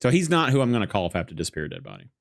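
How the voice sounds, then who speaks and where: A man talks over a movie in a relaxed podcast chat, and his pitch bounces all over as he jokes and rambles. He laughs easily and tells stories loosely. The recording is dry and close. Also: vocal fry, no echo. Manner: joking, rambling, quick laughs. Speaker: podcast guest. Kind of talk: casual movie commentary chat.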